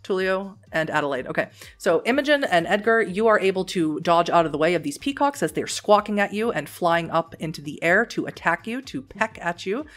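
Lower-voiced woman game master. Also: animated, a little fast, faint music behind. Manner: matter-of-fact, rules-focused narration. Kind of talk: running a tabletop game.

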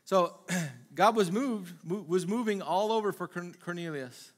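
A pastor preaching a sermon in a loose, conversational way, asking the congregation rhetorical questions and acting out little quoted exchanges. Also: male voice, high voice, lively intonation, unhurried. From Minnesota.

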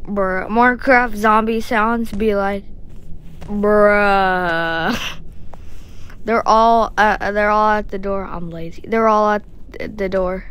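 A woman's voice: medium pitch, fairly bright tone, slight background noise. A woman giving casual, goofy reaction commentary over a video, giggling and joking as she goes.

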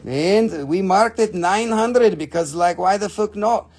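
A man's voice: high-pitched, unhurried, a little mellow. A man hosting a live stream and selling gemstones, joking and cursing in loose, broken grammar as he talks into his phone. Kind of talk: casual live-stream sales pitch.

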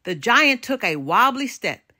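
Older woman reading a storybook expressively. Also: on the high side. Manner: expressive, animated storytelling with dramatic pauses. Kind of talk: children's storybook read-aloud.

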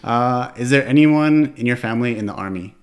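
A man's voice: mid-range voice, brisk. Male podcast host, list-reading interviewer, easygoing. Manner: reading numbered questions, brief friendly replies. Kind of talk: casual interview questions.

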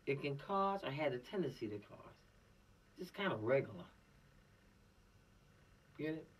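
Lively, preachy law instructor. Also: mid-range voice, a little slow, breathy edge, distant mic. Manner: preachy, animated, streetwise slang. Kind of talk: informal lecture.

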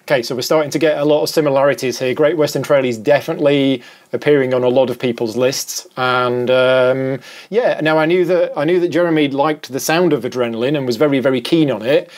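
A man's voice: medium pitch, fairly even intonation, fairly quick. Hesitant man hosting a podcast. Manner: hesitant, many restarts. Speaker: podcast host. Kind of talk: casual chat.

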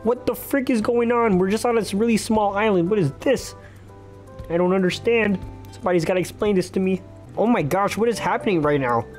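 A man's voice: sits high, brisk, faint music behind, lightly acted. A man doing a confused, nasal impression of a famous puppet frog.

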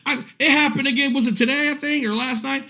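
A man giving casual reaction commentary in a profane, mocking, animated way, often breaking into laughter. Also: very high-pitched, quick pace. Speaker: commentary vlogger.

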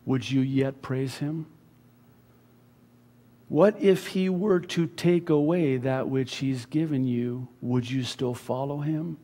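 Slow, emphatic preaching man in a reverberant church. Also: mid-range voice. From USA. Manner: swings from hushed to loud, emphatic preaching. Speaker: pastor. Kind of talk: expository sermon. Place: church sanctuary.

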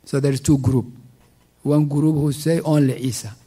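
Guy teaching a tafsir class at a mosque, mellow dark voice, keeps repeating words. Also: a little high, steady tone, slightly rough. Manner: halting, repeats words while searching for them; recites verses in quick Arabic, then translates slowly. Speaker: teacher explaining Quran commentary.

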